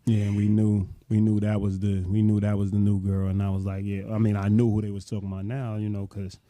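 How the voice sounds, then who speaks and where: Laid-back man in his late 30s, low dark voice, rambling "you know" storytelling, dry sound. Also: completely flat delivery, brisk, no room sound. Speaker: podcast co-host. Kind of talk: casual storytelling chat.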